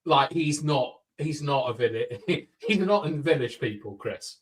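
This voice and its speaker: A man's voice: a little high, animated, measured pace, crowd noise, low-quality recording. A man chatting casually as a podcast guest, opinionated and full of fillers, from the countryside. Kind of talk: casual chat.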